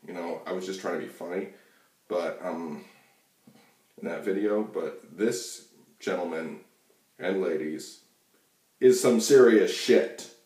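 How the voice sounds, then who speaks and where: Deep-voiced man ranting, echoey room. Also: steady tone, a little slow, long pauses, a little mellow. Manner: rambling, profane, many fillers and restarts. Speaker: channel host. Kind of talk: casual political rant to camera. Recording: echoey room, mic far off.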